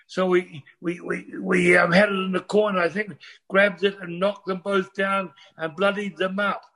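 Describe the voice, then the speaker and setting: High-voiced older New man. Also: level tone, moderate pace, bright, forceful tone. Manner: rambling, restarts, swears freely. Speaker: guest storyteller. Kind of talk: casual storytelling chat.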